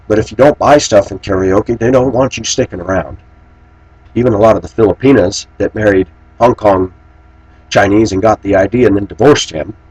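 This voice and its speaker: Low husky-voiced man, indignant. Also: darkish tone, no echo, rough recording. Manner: indignant, preachy storytelling. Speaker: vlogger. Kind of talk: personal commentary monologue.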